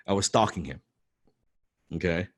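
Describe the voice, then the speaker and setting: A man in animated storytelling talk, excitable, who often repeats words and swears for emphasis. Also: deep voice, moderate pace, no echo, clean studio sound. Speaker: business coach telling a personal story.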